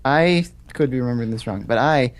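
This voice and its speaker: A man's voice: medium pitch, fairly quick. A young man on a video call in a casual podcast chat, telling stories with hesitant fillers. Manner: storytelling, thoughtful, hesitant fillers. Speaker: co-host joining by video call.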